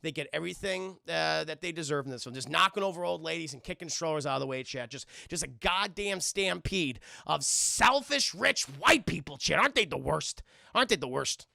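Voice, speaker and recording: A man with a high, gravelly voice, recapping a film to his live chat. He talks in a loose, profane way and acts scenes out with big swings in loudness. The sound is bright and dry. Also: normal speed, hardly any pauses, no room sound. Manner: animated, acts out scenes in shouted voices, swears a lot. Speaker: film reviewer streaming to chat.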